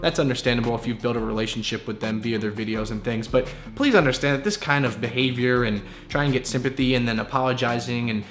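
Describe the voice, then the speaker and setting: A man's voice: mid-range voice, fast talker, hardly any pauses, a bit bright. Brief: male commentary vlogger, casual and earnest, mid-range voice, music bed underneath. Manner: earnest, lecturing, repeats himself when emphatic. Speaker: commentary youtuber.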